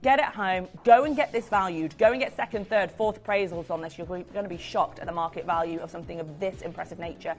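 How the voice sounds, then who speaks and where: A woman's voice: on the low side, quick pace, hardly any pauses. Gushing woman selling on live TV. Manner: gushing, effusive, upbeat selling. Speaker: TV shopping presenter. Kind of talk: live shopping channel sales patter.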